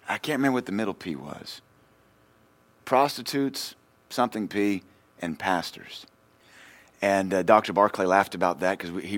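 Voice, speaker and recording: A male pastor with a voice on the low side preaches a sermon, telling a personal story in a lively way and swinging between loud and quiet.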